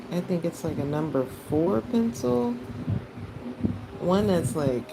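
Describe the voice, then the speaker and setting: A woman talks to her chat as she draws, laughing easily. Her voice sits low, moves slowly and swings lively in pitch. The home livestream audio carries a clear hiss. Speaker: art livestreamer. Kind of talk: casual livestream chat while drawing.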